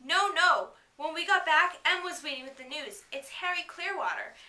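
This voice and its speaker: A woman's voice: very high-pitched, animated, moderate pace, bright, forceful tone, voice pushed up, full character voice. Woman reading as an urgent, worried teenage boy. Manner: urgent, pleading. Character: anxious protective teenage boy. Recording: echoey room from far off.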